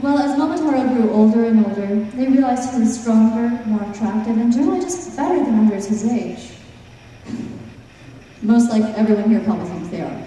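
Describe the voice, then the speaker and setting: A woman's voice: a little high, fairly quick, warm tone, slight background noise. A woman telling a folk tale to a live audience, with playful, teasing asides to the listeners. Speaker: storyteller. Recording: echoey hall from far off.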